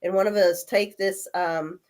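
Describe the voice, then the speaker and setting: A woman in her forties, coming down with a cold, telling animated stories in a casual chat and acting out the voices of people in them. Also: mid-range voice, a little slow. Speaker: guest. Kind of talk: casual storytelling.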